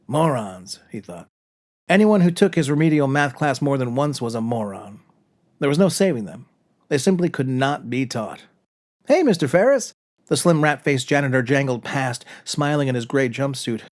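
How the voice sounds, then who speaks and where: A man's voice: medium pitch, animated, normal speed. Man reading a comic story, dry and wry. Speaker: narrator reading his own short story. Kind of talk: storytelling narration.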